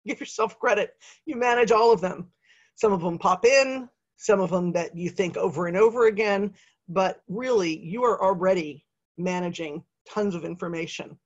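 A middle-aged woman leads a webinar, talking to her viewers in an upbeat, conversational way with the odd "um" and "uh". Her voice sits at a middle pitch for a woman. The sound is a little dull and lo-fi, like audio from a home computer mic. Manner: conversational, upbeat, with frequent fillers. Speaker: webinar presenter. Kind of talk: presenting a webinar.

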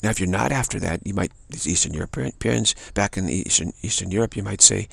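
A man with a low, heavily gravelly voice gives a loose spiritual talk, circling back on his words as he tells stories. His tone is husky and the sound is dry and close. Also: quick pace, dry recording. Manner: rambling storytelling, acts out quoted voices. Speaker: spiritual teacher.

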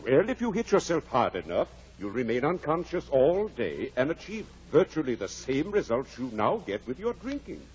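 An actor playing a blunt but caring older country doctor in a 1940s radio drama, wry and then gravely earnest. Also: male voice, mid-range voice, sing-song, moderate pace, hardly any pauses, darkish tone. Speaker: Doctor Kenneth. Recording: dull, faintly hissy 1940s radio broadcast.

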